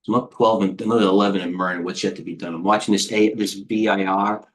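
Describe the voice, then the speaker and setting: Rambling low-voiced man reading stock tickers. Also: quick pace, slight background noise. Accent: American. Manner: rambling, excitable, jumps between tickers. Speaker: trading coach. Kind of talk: live market commentary.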